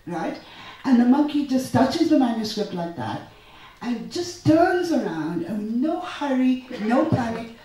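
A middle-aged woman from India, an author and translator, telling lively anecdotes at a literary festival. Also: a little high. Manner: animated, anecdotal, with acted-out quotes. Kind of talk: storytelling talk at a literary festival. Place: festival hall. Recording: echoey hall, distant mic.

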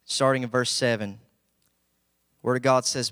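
A man's voice: medium pitch, steady tone, unhurried, a bit bright, no echo, clean studio sound. A young man from Southwest Virginia with an Appalachian accent, preaching a folksy, humble sermon that rises to emphatic bursts.

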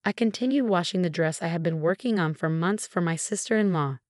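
A woman reads a scripted first-person family drama at a steady, measured pace. Her voice sits on the lower side, and the recording is dry and close, with no room sound. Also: no room sound.

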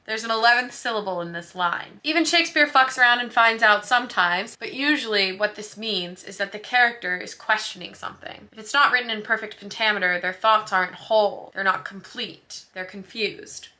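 Bright, breezy young woman teaching. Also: medium pitch, brisk, hardly any pauses. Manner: emphatic and breezy, with offhand swearing. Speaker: video host teaching Shakespeare. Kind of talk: casual explanatory lesson.

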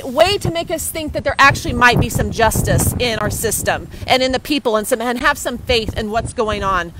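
Walking outdoors near a courthouse, a young woman livestreams on a hand-held phone, agitated and indignant, hurrying and repeating herself. Her voice sits on the high side with lively intonation, a sharp tone, normal speed and few pauses. The recording quality is low.

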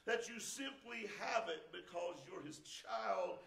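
Male pastor, very high pitch, preaching in a roomy sanctuary, rises to shouts. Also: slow, gravelly, few pauses. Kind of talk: sermon. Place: church sanctuary. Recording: echoey church sanctuary.

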